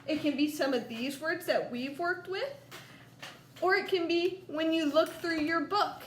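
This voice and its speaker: A woman with a Southern US accent teaching a first grade lesson, slow and coaxing, stretching words out for young children. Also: very high-pitched. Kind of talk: recorded distance-learning lesson for young children. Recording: echoey room, faint background noise.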